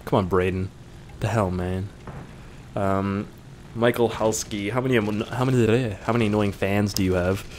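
Low-voiced young man reading viewer questions. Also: steady tone, normal speed, darkish tone, slight background noise. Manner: joking, offhand, swears casually. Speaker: YouTuber answering viewer questions. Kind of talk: casual Q&A, reading questions aloud.

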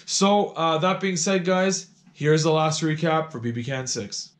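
A hoarse man from Canada in his thirties, chatting casually through a reality-show recap vlog with lots of fillers and repeated words. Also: a little high, fairly even intonation, unhurried.

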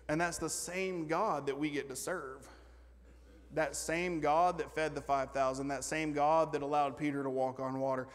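Fired-up pastor preaching in a reverberant church. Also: male voice, a little high. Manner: preachy, swings from loud excited bragging to quiet joking asides. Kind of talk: energetic sermon. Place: church sanctuary.

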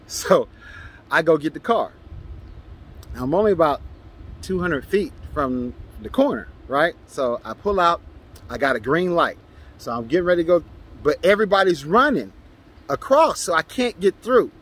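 A man vlogging, telling a personal story in a casual, animated way and acting out the shouts he traded with others. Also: fairly high pitch, normal speed, long pauses, slightly rough. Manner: animated, acts out his own shouts and quotes.

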